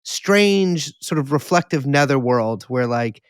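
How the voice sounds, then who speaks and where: A man's voice: medium pitch, expressive, takes it slowly, smooth, dry recording, clean studio sound. A man hosting a podcast, thinking aloud in a rambling way with many restarts. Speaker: podcast host. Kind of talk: casual podcast conversation.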